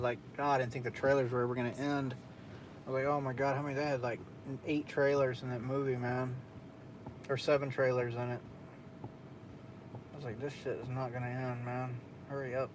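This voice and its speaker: Hosting a casual late-night stream, a young man with a mid-range voice tells a story loosely and profanely, laughing often. There's slight background noise.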